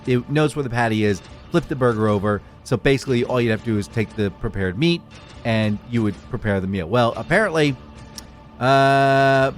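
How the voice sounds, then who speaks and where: A middle-aged podcast co-host runs through a casual news roundup, animated and jokey, slipping into mock voices. His mid-range voice moves at a moderate pace over faint background music.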